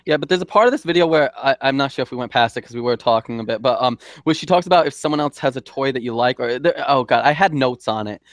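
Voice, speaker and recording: A man with a mid-range voice talks quickly and casually on a group stream. The sound is dry. He rambles and hedges his points. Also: mid-range voice, no echo. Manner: rambling, quick, unsure of himself. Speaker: livestream participant.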